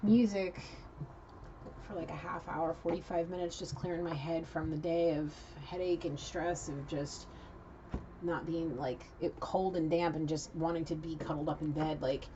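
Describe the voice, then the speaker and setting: A woman's voice: low-pitched, fairly even intonation, moderate pace, dull audio, noisy background. A woman giving a casual channeled tarot reading, chatty and blunt, swearing freely. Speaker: tarot card reader.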